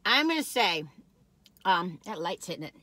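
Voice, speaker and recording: A woman's voice: lowish voice, big pitch swings, normal speed, pushed and bright, no echo. A woman vlogger chatting from inside a car, folksy and rambling as she reviews cookies. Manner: folksy and chatty, drifts off topic. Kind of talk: rambling casual chat. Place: parked car.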